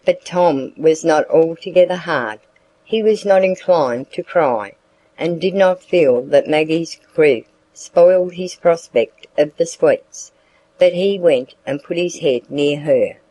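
A reader narrating a classic novel as an audiobook in a measured way. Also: mid-range voice, mellow, low-quality recording. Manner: slow, measured reading.

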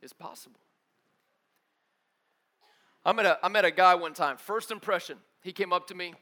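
A young adult man preaching a sermon in a casual, energetic way, using slang like "dude" and "bro" and moving between loud emphatic bursts and quiet low asides. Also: moderate pace. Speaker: pastor.

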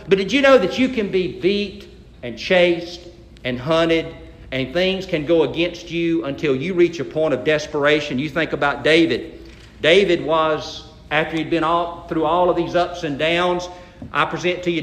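A man's voice: fairly high pitch, moderate pace, reverberant. A male pastor preaching a sermon, retelling a Bible story in a folksy way and acting out the quotes.

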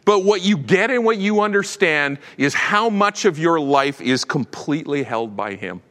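A man preaching a sermon with animated delivery, swinging from loud proclamation to hushed tones. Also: fairly high pitch, moderate pace, long reverb tail. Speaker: pastor.

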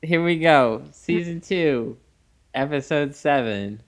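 A man co-hosting a podcast, recapping an episode in casual chat with deadpan quips. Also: a little high, slow pace. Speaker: podcast co-host.

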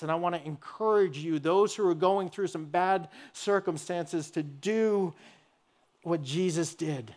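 A pastor preaching a sermon in an earnest, storytelling way. His voice sits high for a man. He talks to the congregation directly and walks them through a personal story. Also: unhurried, a little mellow.

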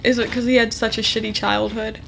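A woman's voice: a little high, flat delivery, a little fast, creaky, a bit bright, a little hiss or hum. A woman co-hosting a casual podcast, chatting loosely and leading the segments. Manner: chatty, runs the show segments. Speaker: podcast co-host.

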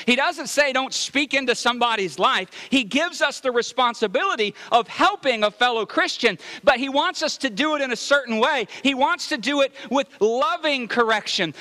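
A man preaching a sermon to a congregation, animated and conversational, asking the crowd questions and mixing humor into his teaching. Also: extremely high pitch, big-room sound. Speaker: pastor.

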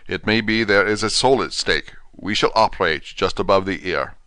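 A man playing a stern older professor who speaks in a quiet, grave, measured way. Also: sits low, no room sound.

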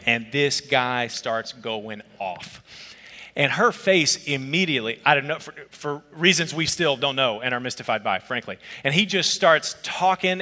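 Male pastor, fairly high bright voice, animated storyteller, long reverb of a big hall. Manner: animated, conversational storytelling with asides. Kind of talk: sermon with personal story.

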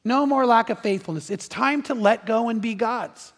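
A man's voice: very high-pitched, moderate pace, in a large hall. A man preaching a sermon as pastor, earnest and repetitive, asking his listeners rhetorical questions.

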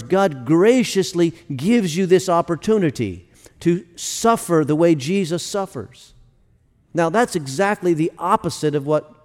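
A man's voice: a little high, darkish tone. A man preaching a sermon as pastor, explaining scripture in an earnest teaching manner and stressing key words. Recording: long hall reverb.

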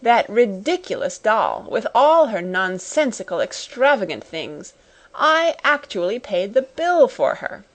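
A woman's voice: medium pitch, big pitch swings, a little slow. Woman voicing a cold, domineering schoolmistress. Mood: scornful. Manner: cold, commanding, scolding. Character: stern domineering schoolmistress, middle-aged woman.

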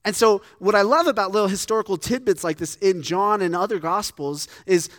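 With a brisk, somewhat bright voice that sits high, a man delivers a sermon as a pastor, earnest and conversational, often starting sentences over. The recording is studio quality, without any room sound.

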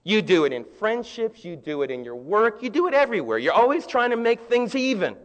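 A man preaching a sermon, impassioned, swinging from loud exclamations to hushed tones. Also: high-pitched, very animated, fairly quick, dull audio. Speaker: pastor. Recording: long hall reverb.

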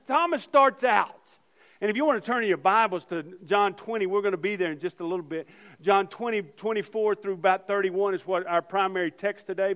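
Man, pastor, Easter sermon, high voice, dull lo-fi sound, loud then hushed. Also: big-room sound. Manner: animated, swings from loud emphasis to soft near-whispers.

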